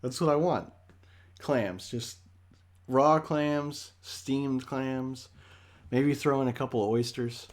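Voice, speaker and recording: A man's voice: mid-range voice, takes it slowly. A man co-hosting a podcast in casual chat, rambling, joking and swearing freely. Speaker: podcast co-host.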